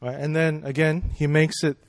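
A man's voice: fairly high pitch, little pitch movement, moderate pace. Conversational man preaching a sermon. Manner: conversational, rhetorical questions, frequent "right?" and "you know".

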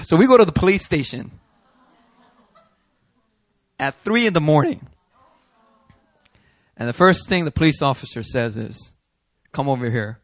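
A man preaching a sermon as a pastor, telling a story in an animated way, acting out the people he quotes and laughing as he goes. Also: on the high side, a little slow, long pauses, dry recording. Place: church hall.

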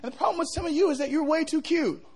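A middle-aged male pastor preaching a revival sermon, joking with the crowd and building to shouts. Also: very high-pitched, racing.

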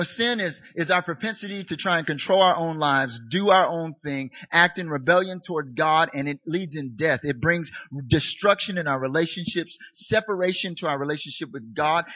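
A male pastor delivering a sermon in a relaxed, candid style that pokes fun at himself. His voice is bright and forward with a husky grain. The sound is dry and a little dull. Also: a little high, moderate pace, dry recording. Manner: candid, self-mocking, conversational preaching.

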